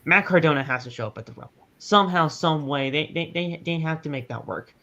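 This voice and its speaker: A man co-hosting a wrestling podcast in casual chat, animated, often stammering and repeating words. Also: on the high side, a little fast, gravelly, dull audio. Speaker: podcast co-host.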